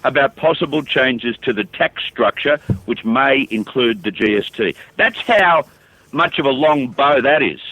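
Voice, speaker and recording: A man's voice: medium pitch, expressive, unhurried, sharp tone, husky, dry recording, low-quality recording. A man hosting talk radio, blunt and skeptical, challenging his callers. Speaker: radio host.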